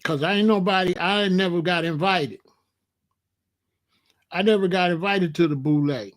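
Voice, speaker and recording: A man in his sixties with a rather high voice talks straight into his stream. He is blunt and emphatic, and he often says the same line twice or three times to drive it home. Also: moderate pace. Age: 60s. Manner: blunt, emphatic, repeats himself. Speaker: host. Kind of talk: casual livestream talk answering chat.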